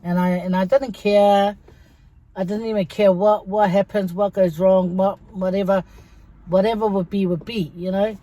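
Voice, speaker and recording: A woman's voice: mid-range voice, steady tone, normal speed, warm tone. Middle-aged lady vlogging, chatty storyteller, calls everyone guys. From Samoa. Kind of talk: casual mukbang chat to viewers.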